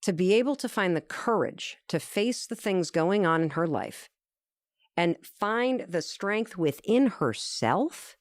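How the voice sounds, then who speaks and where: A woman's voice: fairly low pitch, no room sound, studio quality. A woman telling an earnest, emphatic story as a guest in an interview conversation. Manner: animated, acts out quoted dialogue.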